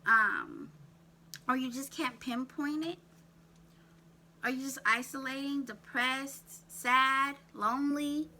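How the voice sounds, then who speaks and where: With big pitch swings and a sharp tone in a high-sitting voice, a woman gives direct-to-camera self-care coaching. She asks quick successive questions and keeps urging viewers to "write that down," with a little hiss or hum in the audio.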